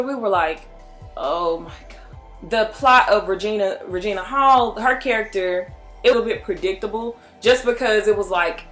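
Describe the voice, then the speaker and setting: A young woman chatting excitedly through a casual movie review, full of restarts and asides. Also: mid-range voice.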